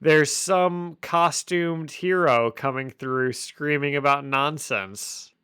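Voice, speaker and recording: A man's voice: fairly high pitch, slow pace, fairly bright tone, clear, resonant tone, no room sound, studio quality. A man hosting a podcast, casually recapping a comic with jokes and frequent laughs. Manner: jokey, laughs often while recapping. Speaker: podcast host. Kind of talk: casual chat.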